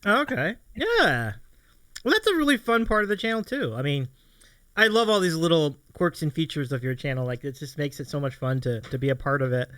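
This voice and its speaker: Male talk host, high-ish bright voice, upbeat, self-mocking. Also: big pitch swings, a little fast, no room sound. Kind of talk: casual interview chat.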